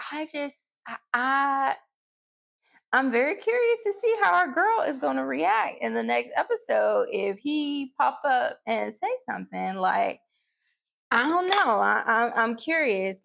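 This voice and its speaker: A woman chatting casually through a TV episode review, animated, with big jumps in pitch when she quotes characters. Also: gravelly. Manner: talks straight to her pets between points.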